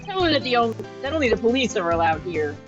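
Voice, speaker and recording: A woman's voice: fairly high pitch, very animated, fast talker. A woman voicing a scruffy, broke, goofy male detective in a blustery way, over game music. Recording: dull lo-fi audio.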